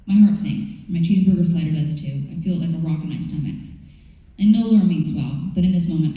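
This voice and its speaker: A woman author reading from her memoir and then answering audience questions, in a candid, wry and expressive way. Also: sits low, fast talker. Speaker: author at a campus book event. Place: large university event hall. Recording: echoey hall, far from the mic.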